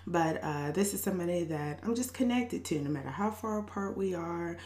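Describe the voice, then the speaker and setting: In a roomy-sounding recording, a young woman podcast host rants sassily, laughing a lot and tossing in profane asides. Her voice sits lowish, a bit mellow, animated and fairly quick.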